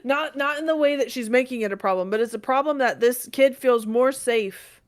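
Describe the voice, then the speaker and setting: Higher-voiced woman cohost, emphatic, chatting on a podcast. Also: normal speed. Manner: emphatic, leans hard on key words. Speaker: podcast co-host. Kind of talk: casual podcast chat.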